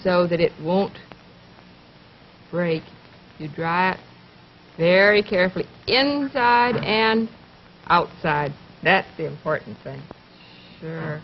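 Lady kids' show host, gentle and coaxing, reads poems, muffled old tv sound. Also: lowish voice, slight background noise. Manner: gentle, coaxing, asks questions and pauses for answers. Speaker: children's television host. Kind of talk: speaking directly to young viewers, reading poems aloud. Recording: dull lo-fi 1950s television recording.

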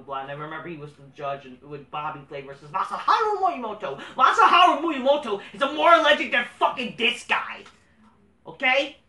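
A man hosting a casual review vlog. He rants with heavy profanity, moving between low mutters and heated outbursts. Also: bright, forceful tone, distant mic. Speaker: host of a wrestling review channel. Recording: roomy sound, away from the mic.

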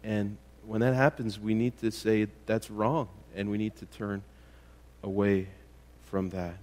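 A man's voice: lowish voice, level tone, measured pace, a little mellow. A man preaching in church as pastor, often restarting his sentences and building to emphatic rhetorical questions. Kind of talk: sermon.

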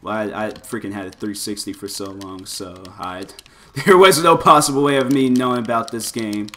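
A man giving loose, excitable commentary over his fighting-game play, full of exclamations and filler words. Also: on the low side, normal speed, slight background noise. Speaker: gameplay commentator. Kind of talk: casual gameplay commentary.

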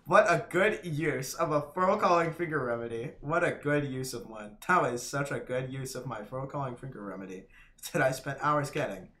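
A man's voice: mid-range voice, normal speed, fairly bright tone. A man streaming a hard game live, swearing and laughing, his voice cracking. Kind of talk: live gameplay commentary.

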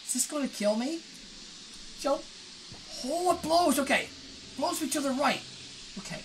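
Woman gamer, high bright voice, unhurried excited commentary. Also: a little hiss or hum. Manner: exclaims and laughs often while playing. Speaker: gaming let's-player.

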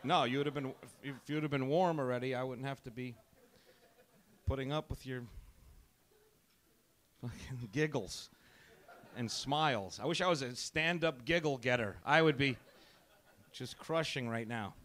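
A man's voice: medium pitch, normal speed, pauses often, a bit bright. A male stand-up comedian in a comedy club, abrasive and profane, taunting the audience. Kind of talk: stand-up set.

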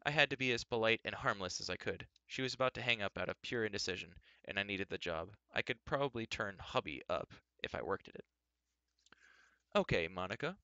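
A man reading a novel aloud, narrating in the first person with a dry, wry delivery. His voice sits low but has a bright, forceful edge, and it is recorded close with no room sound. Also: animated, fast, hardly any pauses, smooth, no echo, muffled recording. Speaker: reader.

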